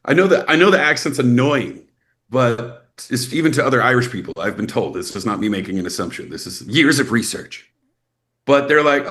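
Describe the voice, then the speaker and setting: A young adult man from Texas, an actor guest in a casual interview, telling animated stories and acting out quoted people. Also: brisk. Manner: animated storyteller, acts out quotes with rising pitch.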